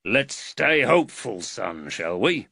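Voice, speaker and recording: A man voicing a stern, protective father who speaks with calm command and dry wit. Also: medium pitch, slow pace, vocal fry, slightly rough, no room sound, heavily acted. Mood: steady, fatherly. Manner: calm, commanding, dryly wry.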